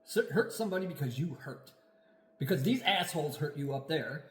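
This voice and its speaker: A man's voice: a little high, animated, fairly quick, roomy sound. A man co-hosting a casual podcast chat, ranting angrily with lots of profanity. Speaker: podcast co-host.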